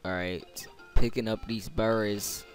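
A man's voice: on the low side, steady tone, unhurried, soft background music. A young man commenting on a video game playthrough in a sarcastic, rambling, casual way. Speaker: let's play commentator.

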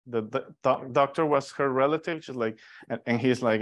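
A man's voice: mid-range voice, brisk. A man teaching a Bible study session, telling a story and acting out the people in it. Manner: animated storyteller, acts out quoted voices. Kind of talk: storytelling sermon.

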